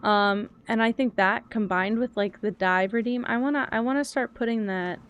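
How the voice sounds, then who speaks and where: A woman's voice: a little high, moderate pace, fairly bright tone, clean tone, lo-fi sound. A young woman chatting casually while streaming a cozy game, rambling, thinking aloud and answering chat.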